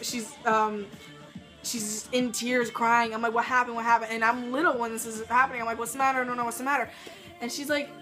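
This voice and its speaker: A woman's voice: fairly high pitch, a bit bright. A young adult woman vlogging casually to camera, telling a story in a rambling way with lots of fillers.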